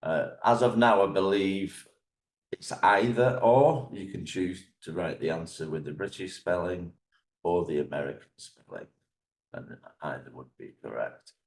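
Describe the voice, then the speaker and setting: A man who teaches English exams, guesting on a podcast and explaining things in a measured, step-by-step way. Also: deep voice, gravelly, roomy sound. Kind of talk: interview answers, explanatory.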